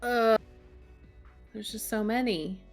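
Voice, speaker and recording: A woman's voice: on the high side, slow pace, faint music behind. A woman co-casting a live esports match, laid-back and dropping dry quips. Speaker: esports co-caster.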